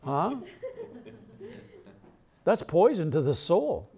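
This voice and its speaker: A man's voice: a little high, big pitch swings, drawn-out words, dark tone. A male pastor preaching a sermon in a conversational way, asking the crowd questions and laughing between points.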